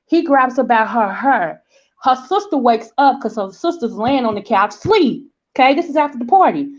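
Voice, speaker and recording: Chatting casually, this animated vlog host, a Southern American woman in her forties, acts out voices as she tells her story and keeps saying "okay?". Her pitch is fairly high and her pace moderate, with a dull, lo-fi recording quality.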